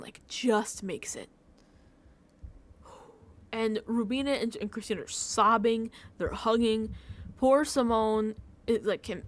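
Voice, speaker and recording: A woman vlogger recapping a reality show in a casual reaction chat, talking emotionally and effusively, full of "like" and breaking into laughs. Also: fairly high pitch. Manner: effusive, emotional, filler-heavy with frequent "like"; laughs between phrases.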